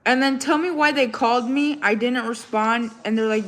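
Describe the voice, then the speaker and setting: A woman's voice: fairly high pitch, moderate pace, few pauses. A young woman hosting a casual livestream, chatting and rambling through a story with lots of fillers. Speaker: livestream host.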